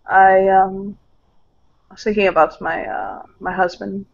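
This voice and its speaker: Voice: medium pitch, fairly even intonation, a little slow, gravelly. A young widowed man with a European accent drowns his sorrow at a bar, answering with dry, self-mocking wit, as a tabletop player puts him on. The voice sits mid-range and comes through a dull, lo-fi recording. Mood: somber.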